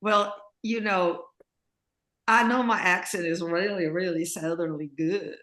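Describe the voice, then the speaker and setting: A woman's voice: fairly low pitch, fairly even intonation, unhurried, fairly bright tone. A woman interviewee telling rambling stories in casual chat, laughing often, over a video call. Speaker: interviewee, singer and composer.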